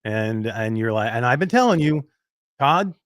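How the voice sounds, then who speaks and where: A man's voice: mid-range voice, very animated, moderate pace, no echo, clean studio sound. A man hosting a live weekly talk show, teasing his co-host and laughing often.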